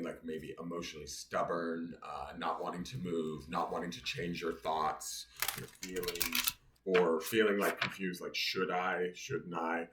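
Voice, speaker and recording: A man giving a casual daily tarot reading, angry and venting as he explains the cards. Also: deep voice. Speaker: tarot reader. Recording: echoey room, faint noise.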